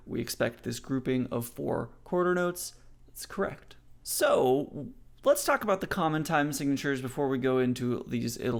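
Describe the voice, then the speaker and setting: Lively gravelly-voiced man teaching music theory. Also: fairly high pitch. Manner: explains in a friendly way, counts beats aloud. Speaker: songwriting teacher.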